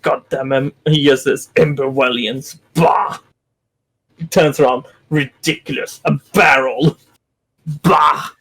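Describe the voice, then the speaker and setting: Slow-talking man at a tabletop game. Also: mid-range voice, steady tone, a bit bright, husky. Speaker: player. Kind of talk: casual tabletop play.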